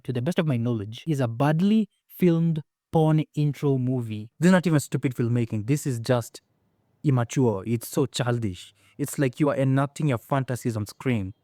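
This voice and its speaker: A man's voice: medium pitch, warm tone, no room sound. Man, young adult, blunt mocking film rant, exasperated, dry close sound. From Kenya. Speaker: film reviewer. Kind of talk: ranting movie review.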